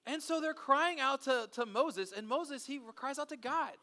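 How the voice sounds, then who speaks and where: A man leading a children's Bible story, energetic, playful and chatty with the kids. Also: very high voice, normal speed. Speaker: children's pastor.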